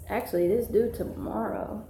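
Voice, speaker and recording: Gravelly-voiced woman chatting on a live stream. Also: mid-range voice, normal speed, mellow. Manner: slangy, rambling, easily sidetracked. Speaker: live-stream host, mother. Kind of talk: casual live-stream chat, reading comments aloud. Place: home, with children nearby. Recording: echoey room with faint noise.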